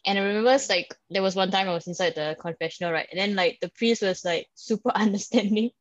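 A chatty woman with a Singaporean English accent, talking casually as a podcast co-host and tossing in "like" and "right?" constantly. Her voice sits at a middling pitch. The recording is dry and a little dull, with no room sound. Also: quick pace, no room sound. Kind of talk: casual chat.

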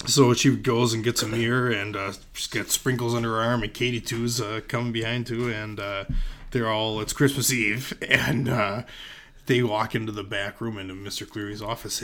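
A man's voice: fairly low pitch, flat delivery, moderate pace, fairly bright tone. A man telling an improvised comic movie story in a rambling way, full of fillers.

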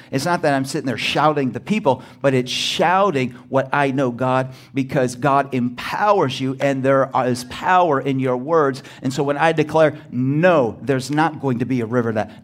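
This is a man preaching, his voice medium in pitch. He's emphatic, often climbing to near-shouted exclamations, and he calls out for responses from the congregation.

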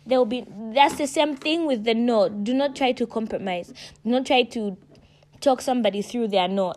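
A woman vlogging casually to her viewers, emphatic and preachy, calling them sweetheart and darling and jumping up in pitch to stress her points. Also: normal speed. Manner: animated, jumps high in pitch when stressing points. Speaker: vlogger giving advice. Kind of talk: casual direct-to-camera talk.

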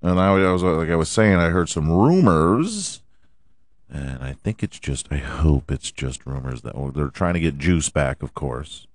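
A man hosting a podcast, hoarse from allergies and often clearing his throat, ranting about football with lots of swearing and rhetorical questions. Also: very deep voice, animated, a little slow, no room sound, clean studio sound. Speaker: podcast host. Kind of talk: casual sports rant.

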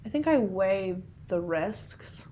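A young woman tells family stories quickly and with lots of laughter, keeping a lively conversational pace. A faint low rumble sits under her voice. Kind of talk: casual family chat.

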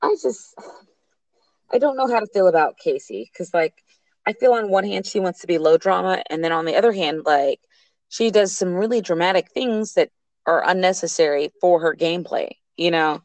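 A woman with a fairly low voice gives measured opinions in casual conversation. The sound is close and dry. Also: no room sound, poor audio. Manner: brief reactions, then measured opinions. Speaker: podcast co-host. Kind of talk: casual chat.

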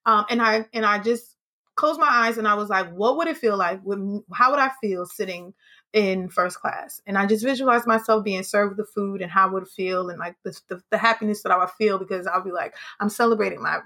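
A woman hosting a podcast, telling a story in casual, animated chat, swearing freely and acting out what people said. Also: medium pitch, brisk. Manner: animated, swearing, acts out quotes. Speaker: podcast host.

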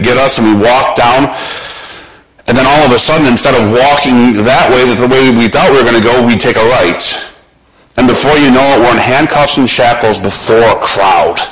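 A man preaching a sermon, slowly and dramatically retelling a scripture scene and putting the listener in it. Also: medium pitch, poor audio.

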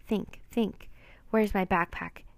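A woman's voice: mid-range voice, fairly even intonation, takes it slowly, vocal fry, no room sound. A woman voicing an eager, adventurous young boy in a storybook reading. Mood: urgent.

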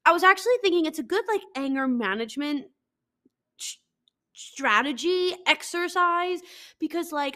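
A young woman hosting a podcast on a headset at her desk, ranting in a profane, animated, mock-angry way. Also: high voice. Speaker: podcast host. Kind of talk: casual comedic rant. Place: home desk.

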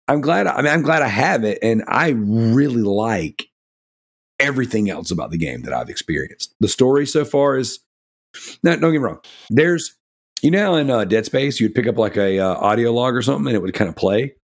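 A man co-hosting a casual gaming podcast, rambling and enthusiastic, with many fillers like "you know" and "like". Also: on the low side. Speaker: podcast co-host.

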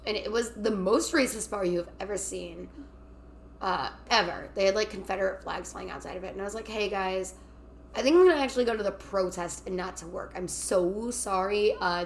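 A young woman co-hosting a podcast, telling work stories in a casual chat, animated and acting out the people she quotes. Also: medium pitch. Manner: animated, acts out quotes, swears freely. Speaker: podcast co-host. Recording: faint background noise.

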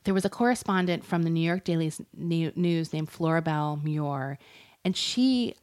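A woman's voice: sits low, moderate pace, a little mellow. A woman co-hosting a casual podcast, telling a true crime story with lots of fillers, laughs and the odd swear. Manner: chatty and giggly, swears, uses lots of fillers. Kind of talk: casual chat.

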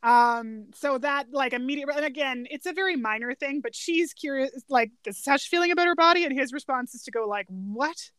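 A woman's voice: high-pitched, a little fast, few pauses, a bit bright, dry recording, studio quality. A woman co-hosting a casual film podcast, chatty and laughing often as she acts out quoted lines. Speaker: podcast co-host. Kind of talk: casual chat reviewing a film.

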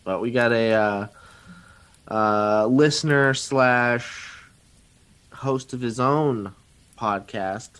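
A man hosting a podcast, joking and laid-back, with frequent pauses and fillers. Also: medium pitch, fairly bright tone, clean tone. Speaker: podcast host. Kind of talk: casual chat.

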